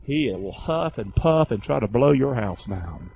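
A man's voice: medium pitch, animated, measured pace, vocal fry, hardly any pauses, a little mellow, highs cut off, slight background noise. A pastor preaching a sermon to his congregation, asking them questions and having them repeat words back. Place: church hall with congregation.

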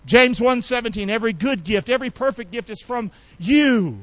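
A man preaching a sermon in a folksy, colloquial way, calling on the congregation to repeat after him and rising to shouts. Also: extremely high pitch, lively intonation, normal speed, no room sound, dull audio. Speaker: pastor.

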